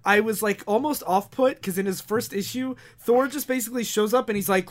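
High-voiced enthusiastic man. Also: animated, a little fast. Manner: enthusiastic, laughs often, jokey asides. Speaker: podcast co-host. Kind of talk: casual comic book chat.

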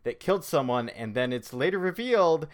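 A man's voice: fairly high pitch, sing-song, a little fast. A man talking casually about comics, rambling with lots of fillers and restarts. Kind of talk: casual comic book discussion.

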